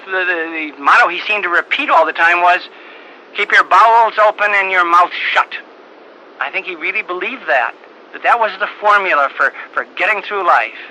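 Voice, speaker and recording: Earnest older priest, halting storyteller. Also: male voice, high-pitched, pushed and bright, poor audio. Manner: halting, repeats words often, earnest. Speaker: priest giving a talk. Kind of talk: storytelling talk. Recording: old tape recording with faint hiss.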